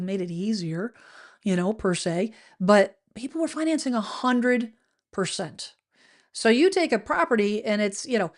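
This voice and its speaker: A middle-aged woman talks through housing finance for her viewers like a seasoned real estate agent. Her delivery is chatty and animated, and she often breaks off mid-sentence to start again. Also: mid-range voice. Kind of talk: casual explanatory talk to camera.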